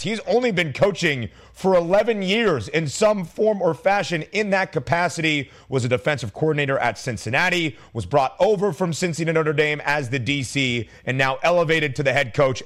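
A man hosting a college football talk show, energetic and opinionated, joking with his co-host. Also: a little high. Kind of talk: sports talk commentary.

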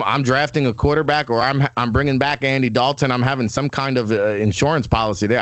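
A man breaks down football picks as a guest analyst. He talks emphatically and with strong opinions, often restarting his sentences. His voice is mid-pitched and sounds dry and close. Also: dry recording. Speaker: weekly draft analyst guest. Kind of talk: casual sports talk.

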